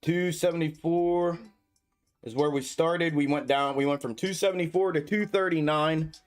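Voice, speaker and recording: A man hosting a casual stock market livestream, talking to his viewers, cursing freely and getting excitable over price moves. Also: fairly high pitch, moderate pace. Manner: profane, excitable, talks to viewers as "y'all". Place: home desk setup.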